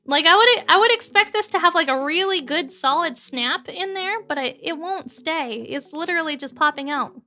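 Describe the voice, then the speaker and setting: A woman's voice: very high voice, animated, normal speed, hardly any pauses, pushed and bright, faint music behind. A woman from Canada, chatting playfully and giggling on a livestream while she builds a model kit. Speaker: streamer.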